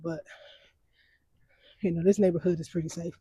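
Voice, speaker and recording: Husky-voiced young woman chatting casually. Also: lowish voice, steady tone, moderate pace, warm tone, dry recording. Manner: chatty and easygoing, laughs often, calls viewers y'all. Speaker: vlogger. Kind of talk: casual vlog chat to viewers. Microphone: wearing mics while walking.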